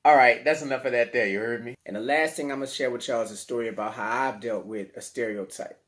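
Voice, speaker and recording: A man with a New Orleans accent, teaching children in a playful, slangy, animated way. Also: medium pitch, fast. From New Orleans, USA. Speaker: teaching artist. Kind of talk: children's lesson to camera.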